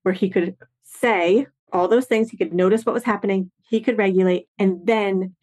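A woman's voice: medium pitch, fairly even intonation, normal speed, darkish tone. A woman, a parenting educator and author, explaining ideas earnestly in a conversational interview and acting out example quotes as she goes.

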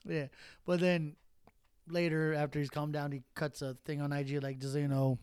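A woman's voice: sits low, level tone, moderate pace, a little mellow, clear, resonant tone, dry recording. Woman co-host chiming in, dry sound. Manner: chimes in, finishes her partner's lines with punchy impressions; swears casually. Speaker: podcast co-host. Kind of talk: casual wrestling recap chat.

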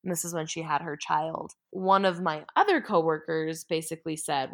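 A woman's voice: low voice, animated, moderate pace, vocal fry, hardly any pauses, fairly bright tone. A woman hosting a podcast, talking alone in an earnest, heartfelt and emphatic way. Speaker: podcast host. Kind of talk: solo motivational podcast talk.

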